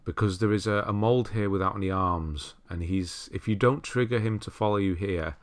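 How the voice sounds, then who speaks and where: A man giving relaxed, chatty commentary over a game walkthrough, laughing at himself and correcting his own words. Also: on the low side, normal speed. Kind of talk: casual gameplay commentary.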